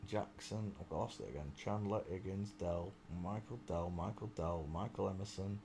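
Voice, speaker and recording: A man's voice: low voice, normal speed, creaky, warm tone, a little hiss or hum. A man hosting a casual live stream, chatty and exclaiming, muttering to himself as he searches.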